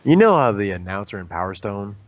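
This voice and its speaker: Low-voiced man on a lo-fi stream. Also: sing-song, brisk. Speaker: host. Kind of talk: casual live-stream chat.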